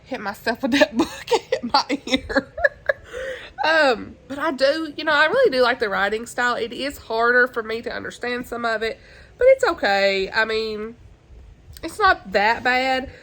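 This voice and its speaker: A woman's voice: fairly high pitch, normal speed, fairly bright tone, rough recording. Chatty giggly woman. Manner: chatty, giggly, often says y'all. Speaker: book vlogger. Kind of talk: casual chat.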